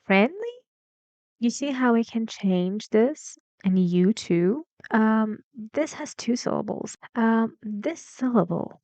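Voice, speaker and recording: A woman teaching English pronunciation, speaking slowly and deliberately and acting out sample sentences with exaggerated rising and falling pitch. Her first language is Persian. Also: gravelly, warm tone, dry recording, lo-fi sound. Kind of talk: slow, deliberate English lesson.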